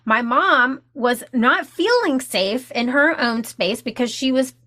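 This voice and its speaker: A woman guest telling a personal story in casual chat, animated and full of restarts. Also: high voice, slow. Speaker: podcast guest.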